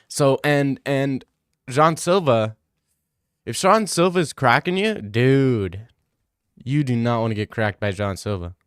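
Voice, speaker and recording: A man's voice: mid-range voice, takes it slowly, fairly bright tone, smooth, no echo, studio quality. Crude young man riffing on stream. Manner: crude, joking, rambling with slang. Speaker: streamer answering chat questions. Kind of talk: casual livestream Q&A.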